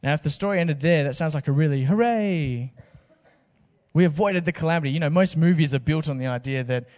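A man's voice: on the high side, quick pace, darkish tone, big-room sound. A man preaching a sermon in a casual, joking way with slang asides. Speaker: pastor.

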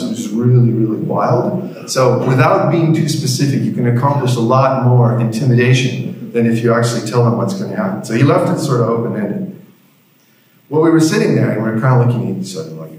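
Man preaching in a booming echo. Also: animated, fairly quick, a little mellow. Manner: storytelling with dry humor. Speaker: pastor. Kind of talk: sermon. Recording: heavy room echo.

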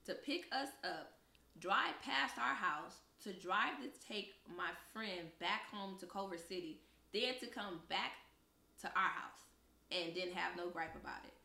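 A young woman co-hosts a casual podcast, telling stories with lots of acted-out quotes. Her voice is bright with a gravelly edge of fry. The room around her is echoey. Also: on the low side, measured pace. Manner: animated storyteller, acts out quoted voices. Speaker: podcast co-host. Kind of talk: casual storytelling chat.

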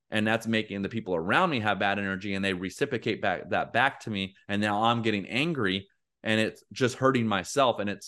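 A man's voice: lowish voice, fairly bright tone. A young man co-hosting a podcast in casual chat, earnest and rambling with lots of fillers. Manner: acts out angry quotes in a raised voice. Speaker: podcast co-host.

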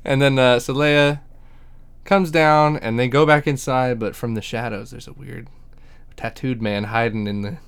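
A man on a podcast talks through a TV episode in loose, casual chat, swearing freely and joking as he goes. His voice is smooth and resonant at a middle pitch for a man. Now and then he drops into the characters' lines. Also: fairly even intonation, normal speed. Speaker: podcast co-host.

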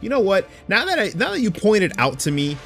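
A man co-hosting a casual fan podcast, talking in a slangy, animated way with many restarts. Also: high-pitched, fairly quick, gravelly, faint music behind. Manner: animated, slangy, stumbles and repeats words. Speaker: podcast co-host.

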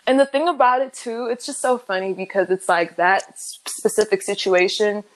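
This young woman, an interview guest, is candid but halting, using many fillers and restarting often, and she becomes animated when quoting others. She speaks at a medium pitch, and the audio is poor.

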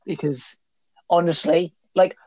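A woman's voice: on the low side, steady tone, slow, dark tone, dry recording. A young British woman hosting a podcast in a casual chat, rambling and joking with many fillers and restarts. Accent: British English. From Britain. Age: young adult. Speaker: podcast host.

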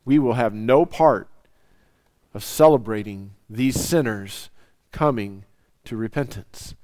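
A man preaching a sermon, swinging from loud, soaring lines down to near whispers. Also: medium pitch, slow, no room sound. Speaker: pastor.

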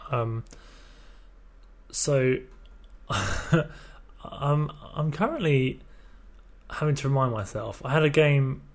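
Male podcast co-host, mid-pitched, reactive listener, hesitant restarts. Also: expressive, slow, long pauses. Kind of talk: casual chat.

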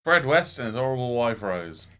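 A man's voice: medium pitch, sing-song, normal speed, a bit bright, clear, resonant tone. A man co-hosting a casual podcast, joking and teasing his co-host with self-deprecating asides. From London area.

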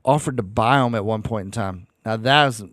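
A man's voice: on the low side, moderate pace, fairly bright tone, no room sound, studio quality. Wry man co-hosting a chat. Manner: skeptical, joking interjections. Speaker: podcast co-host. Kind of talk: casual chat.

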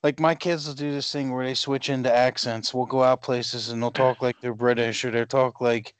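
Smooth-voiced wry man. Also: mid-range voice, little pitch movement, moderate pace. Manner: joking, wry asides. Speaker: podcast co-host. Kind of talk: casual chat.

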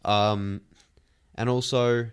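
A man's voice: mid-range voice, level tone, clean tone. An Australian man on a casual sports podcast who gives cautious, skeptical takes. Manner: skeptical, measured opinions. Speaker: podcast co-host. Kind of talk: casual chat.

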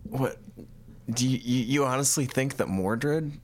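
A woman's voice: extremely low pitch, unhurried, darkish tone. A woman playing a tabletop game, skeptical and questioning. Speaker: player. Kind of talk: casual tabletop role-play.

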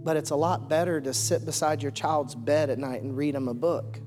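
A man's voice: on the high side, fairly even intonation, moderate pace. Fervent preaching man in a reverberant hall. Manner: fervent, builds to shouting declarations. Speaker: pastor. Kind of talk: sermon. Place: large church hall. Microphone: stage microphone. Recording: long hall reverb, faint music.

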